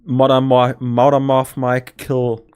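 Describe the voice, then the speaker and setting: A man from Germany, a native German speaker, hosting a stream and planning a campaign as game master, rambling and giggly with quick bursts. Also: medium pitch, lively intonation, a little mellow.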